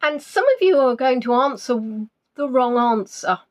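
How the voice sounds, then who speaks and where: At a moderate pace and with plenty of animation, a woman hosts a live online quiz. She chats and jokes at the players' expense, her pitch swinging broadly as she reads out names and answers.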